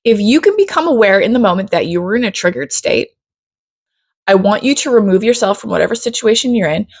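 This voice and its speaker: A woman's voice: mid-range voice, lively intonation, a little fast, dry recording, clean studio sound. A woman coach teaching a casual lesson, chatty and blunt, often checking in with her listeners. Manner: chatty, often says "right?" and "you guys". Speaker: self-development coach.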